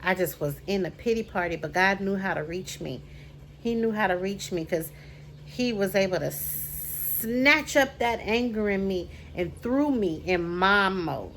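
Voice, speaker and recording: A woman vlogger telling a personal story in a casual way. She repeats phrases for effect and slows down to stress key words. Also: mid-range voice, fairly bright tone, slight background noise.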